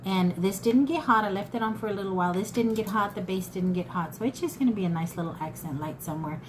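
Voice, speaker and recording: A woman's voice: mid-range voice, fast, background noise. A woman in her fifties chatting casually to viewers about her thrift haul, folksy and talkative. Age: 50s. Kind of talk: casual haul chat to camera.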